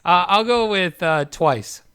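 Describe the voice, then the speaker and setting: Casting note: male podcast co-host, casual banter, unhurried delivery, lively pitch. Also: clean tone. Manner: relaxed, laughs often. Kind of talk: casual chat. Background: remote call.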